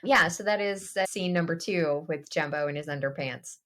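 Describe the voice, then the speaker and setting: A woman co-hosting a podcast, telling a family anecdote in a casual, animated way and laughing along the way. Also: sits low, normal speed. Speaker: podcast co-host. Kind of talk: casual storytelling chat.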